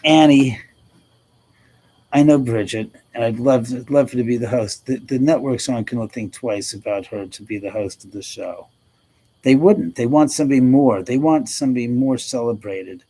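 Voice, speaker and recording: A man's voice: medium pitch, normal speed, mellow, poor audio. A middle-aged man hosting a casual livestream, chatting with viewers, laughing often and swearing freely. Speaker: livestream host. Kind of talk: casual livestream chat reading comments.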